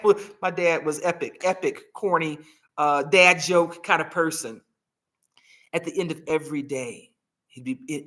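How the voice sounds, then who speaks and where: Bright-voiced woman giving an earnest healing talk. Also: fairly low pitch. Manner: earnest, heartfelt storytelling. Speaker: host. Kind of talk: live motivational healing talk.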